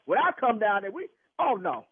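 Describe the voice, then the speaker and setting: A man's voice: very high voice, animated, normal speed, creaky, a little hiss or hum. A man taking a phone call, confrontational and indignant, repeating himself. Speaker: prank call target. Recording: tinny phone line, dry.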